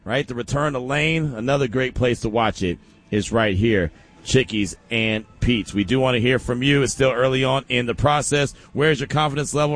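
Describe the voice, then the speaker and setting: A man hosting a casual sports radio show, animated and joking, taking calls from listeners. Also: mid-range voice. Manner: animated, joking, breaks into laughter.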